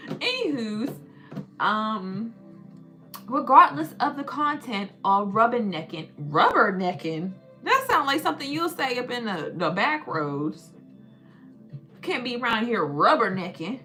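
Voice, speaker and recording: Slow, bright-voiced woman streamer. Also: fairly high pitch, big pitch swings, faint music behind. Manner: playful and joking, drawing out words as she sounds them out. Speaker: livestream host. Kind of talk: casual live-stream chat.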